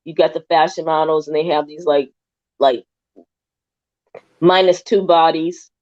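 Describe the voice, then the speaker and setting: A woman talking in a casual podcast chat, emphatic and animated, sometimes drifting off topic. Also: low-pitched, unhurried. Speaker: guest. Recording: dull lo-fi audio.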